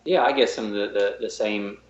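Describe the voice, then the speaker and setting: A man's voice: on the low side, a little fast. A man guest on a podcast, telling a story in a loose, rambling way, with repeated words and lots of fillers. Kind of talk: casual interview storytelling. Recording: roomy and dull, lo-fi.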